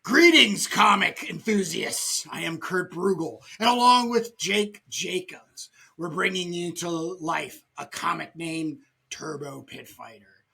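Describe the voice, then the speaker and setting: A man putting on a grandiose podcast announcer voice, loud and formal. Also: high-pitched, slow, creaky, few pauses, breathy edge, exaggerated voice. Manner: theatrical, loud, formal greeting.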